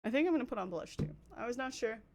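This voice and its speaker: A woman's voice: fairly high pitch, lively intonation, very fast. A young woman with a Canadian accent, chatting casually with her stream chat while doing her makeup. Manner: chatty, reads and answers chat. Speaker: livestreamer.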